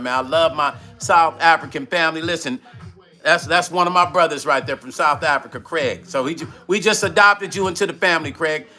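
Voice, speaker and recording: An older man with a New York accent chats loosely with his livestream viewers, full of slang and shout-outs. His voice sits high and sounds bright and forceful. Soft music plays faintly in the background. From Brooklyn, New York. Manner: slangy, repetitive, shout-outs to chat, laughs often. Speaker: music vlogger hosting a livestream. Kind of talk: casual livestream chat with viewers.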